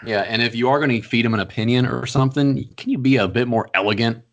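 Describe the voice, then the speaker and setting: A young man co-hosting a podcast, talking in a blunt, profane and animated casual chat. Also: medium pitch, quick pace. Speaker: podcast co-host.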